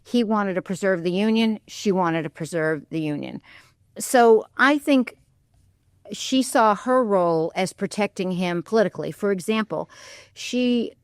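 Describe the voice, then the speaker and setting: A woman's voice: medium pitch, animated, unhurried, no room sound, clean studio sound. A woman historian speaking as a guest on a radio interview, thoughtful and candid, often weighing her views with "I think.". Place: radio studio.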